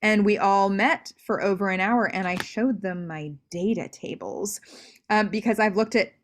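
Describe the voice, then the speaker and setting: Young adult woman, mid-range voice, animated and quick with asides, restarts often; video call guest. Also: medium pitch, slight background noise. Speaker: guest scholar. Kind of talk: interview conversation.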